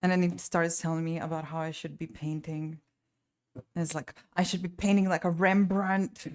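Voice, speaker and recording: A woman who streams and paints chats casually on a live stream, venting her frustration in a rambling, exasperated way full of restarts and trailing thoughts. Her voice is on the low side and darkish, with little pitch movement and a moderate pace.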